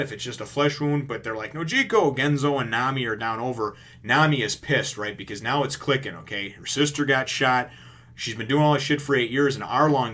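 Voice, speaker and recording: A man casually recapping a comic chapter on his video channel, rambling and swearing as he retells it. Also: medium pitch. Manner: rambling, profane, animated retelling. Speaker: comic review vlogger.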